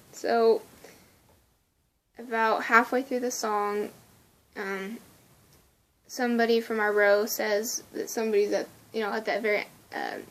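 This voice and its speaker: Woman vlogger with a slightly high voice, excitable and gushing, casual storytelling with frequent laughs.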